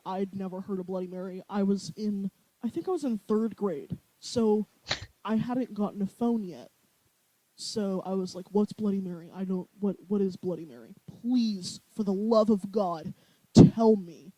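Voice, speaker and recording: Laughing young podcast co-host, mellow. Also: medium pitch, moderate pace, dry recording, poor audio. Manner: animated, laughing storyteller. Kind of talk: casual chat.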